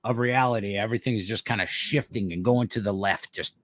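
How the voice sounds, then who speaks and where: A man's voice: fairly low pitch, fairly quick, fairly bright tone, no room sound. A man hosting a podcast, telling a wild story in casual, profane chat. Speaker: podcast host.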